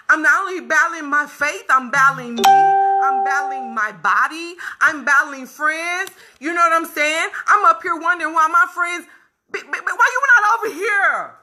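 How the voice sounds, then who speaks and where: A woman's voice: high voice, bright, forceful tone. A woman vlogger in a candid, casual monologue to her viewers, speaking emphatically and repeating phrases for weight.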